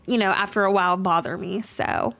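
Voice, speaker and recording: A woman's voice: medium pitch, fairly even intonation, fairly quick, a bit bright. A young adult woman streaming a game, chatting casually with viewers, full of fillers, laughing often and reading chat aloud. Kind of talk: casual livestream chat while gaming. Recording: faint music behind.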